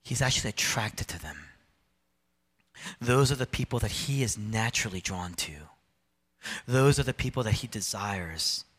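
A man preaching a sermon to a congregation, animated, swinging between loud emphatic lines and low, quiet asides. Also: normal speed, pauses often. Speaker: pastor.

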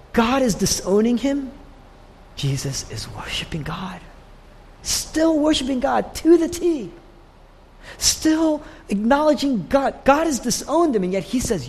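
Male pastor mid sermon, fairly high voice, big swings loud to hushed, reverby hall. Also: very animated, slow pace, pauses often, husky. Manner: dramatic swings from loud to hushed, dropping to whispers. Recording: long hall reverb with faint ambience.

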